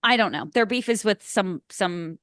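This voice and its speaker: A woman co-hosting a relaxed movie podcast, with an ordinary mid-range voice. She talks loosely, full of filler words and the odd swear. Her voice comes through dry and close to the mic. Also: medium pitch, moderate pace, no echo. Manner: casual, swears freely, lots of "like" fillers. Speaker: podcast co-host. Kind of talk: casual movie chat.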